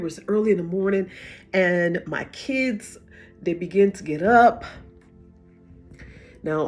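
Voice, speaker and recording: A middle-aged woman telling her own hard story as emotional testimony, halting and repeating words as she goes. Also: medium pitch, creaky, darkish tone, breathy edge. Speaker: vlogger sharing a personal story.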